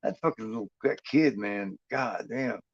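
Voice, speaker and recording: A man's voice: fairly low pitch, normal speed, no room sound. A man giving casual, rambling watch-along commentary on a movie, laid-back and heavy on swearing. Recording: dull lo-fi, dry.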